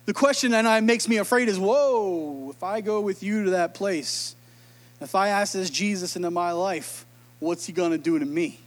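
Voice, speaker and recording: Brief: an emotional, animated preacher with a very high voice, casual sermon. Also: male voice, moderate pace. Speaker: pastor.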